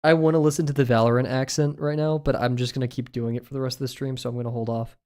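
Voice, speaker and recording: Rapid-fire and fairly flat in pitch, this young streamer from the United States has a mid-range, a little mellow voice. He rambles and giggles through casual chat while drawing live, full of filler words.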